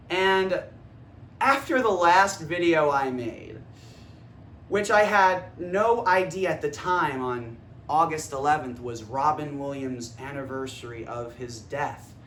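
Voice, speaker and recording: A man talking into his phone in a room, an energetic and rambling vlogger who swears freely. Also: high voice, roomy sound, slight background noise. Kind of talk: casual philosophical monologue. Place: indoor room.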